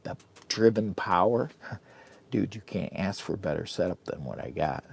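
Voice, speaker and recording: A man's voice: low-pitched, lively intonation, normal speed, creaky, slightly rough. A man rambling casually on a phone live stream from inside a heated tent, urging viewers to like and share. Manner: chatty, hypes viewers to like and share. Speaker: vlogger livestreaming from a camping trip.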